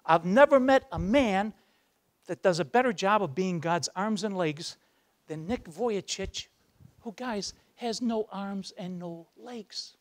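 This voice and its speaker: A man giving a motivational speech, telling a story and acting out its voices, dropping low for the dramatic moments. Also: a little slow. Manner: acts out the voices in his stories, drops low for dramatic moments. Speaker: guest speaker. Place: university lecture hall.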